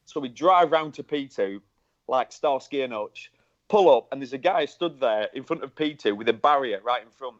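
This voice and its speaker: A man co-hosting a podcast, telling an animated story and mimicking the people in it. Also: medium pitch, a little fast. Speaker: podcast co-host. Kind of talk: casual chat. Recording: dull lo-fi podcast audio.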